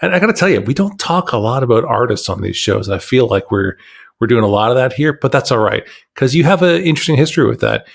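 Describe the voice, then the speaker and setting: Male podcast host, gravelly timbre, easygoing rambling interviewer. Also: medium pitch, animated, fast talker. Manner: loose, meandering questions with restarts. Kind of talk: casual interview chat.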